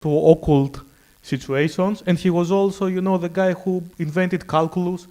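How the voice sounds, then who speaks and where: A man speaking on a panel at a round-table discussion, enthusiastic and arguing his point in quick bursts. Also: high-pitched, steady tone, dark tone.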